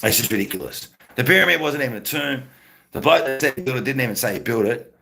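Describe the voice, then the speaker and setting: Gravelly man rambling on stream. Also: medium pitch, animated, fast, sharp tone, slight background noise. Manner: rambling, talks to chat viewers by name. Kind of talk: casual live-stream chat.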